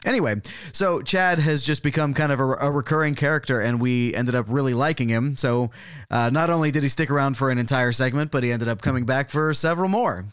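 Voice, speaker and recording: A man's voice: medium pitch, brisk, fairly bright tone, smooth, no room sound, clean studio sound. A man co-hosting a podcast, introducing the episode in a casual, rambling way, chuckling and thinking aloud. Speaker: podcast co-host.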